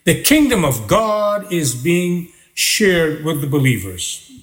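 High-voiced, lively man preaching slowly. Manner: preaching with repeated rhythmic phrases. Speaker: pastor. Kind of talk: sermon.

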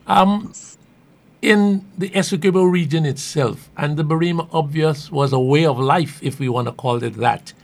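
A man's voice: a little high, moderate pace, gravelly, darkish tone. A man hosting an interview, asking earnest, leading questions. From Guyana. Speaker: radio host.

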